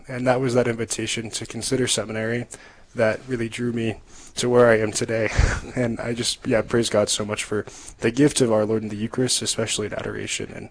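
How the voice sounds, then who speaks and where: A young man, a seminarian guest on a radio talk show, telling his story in an earnest, reflective way with soft laughs. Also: medium pitch, little pitch movement, brisk, low-quality recording. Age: young adult. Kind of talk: radio interview testimony.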